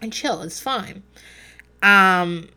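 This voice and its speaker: Speaking in a mid-range voice that's bright and forceful, she draws out her words. This woman in her forties recaps a reality show on her casual podcast, going off on profane tangents and laughing at herself.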